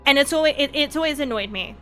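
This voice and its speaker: A young woman with a high, sharp, bright voice hosts a late-night stream, tired but animated as she rambles through stories full of fillers. Soft music plays faintly behind her. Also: fast.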